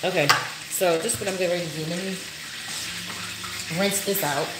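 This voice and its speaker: Low-voiced woman vlogging from an echoey kitchen. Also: brisk, heavy background noise. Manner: chatty, talks to viewers as y'all, grows frustrated. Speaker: cooking vlogger. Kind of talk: casual cooking vlog. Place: home kitchen. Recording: echoey kitchen with loud frying. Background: sizzling pan.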